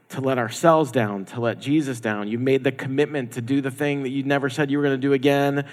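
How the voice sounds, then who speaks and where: A pastor giving a conversational sermon, acting out the people in the story in quoted voices. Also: male voice, mid-range voice. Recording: long hall reverb.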